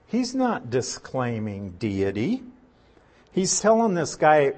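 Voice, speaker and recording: Guy preaching slow, husky voice, reads the verses then breaks them down one by one. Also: medium pitch, wildly swooping pitch, darkish tone. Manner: reads scripture aloud, then explains it verse by verse. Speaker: pastor. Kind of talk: sermon.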